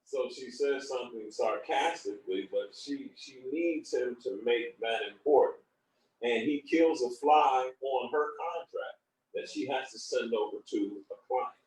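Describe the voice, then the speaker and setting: A man's voice: medium pitch, unhurried, darkish tone. A man co-hosting a relationship discussion, explaining things in a conversational way with personal stories. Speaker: co-host. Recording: roomy echo from a distant mic.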